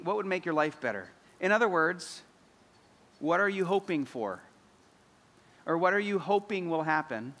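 Preaching earnestly, this man in his thirties climbs steadily toward emphatic declarations. His voice is pitched high for a man with a fairly bright tone, and it echoes as if in a big room.

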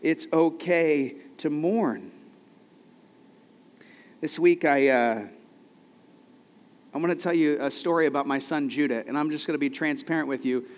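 Male pastor, thirties, slightly high voice, earnest conversational sermon, long hall reverb. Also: measured pace, pauses often. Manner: conversational, earnest, rhetorical questions.

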